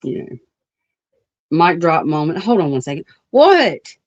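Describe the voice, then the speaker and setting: A woman's voice: low voice, moderate pace, a little mellow, no echo. A woman rants on a livestream in a blunt, profane and rambling way, with many fillers. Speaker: livestream host. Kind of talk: livestream rant. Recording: dull lo-fi stream audio.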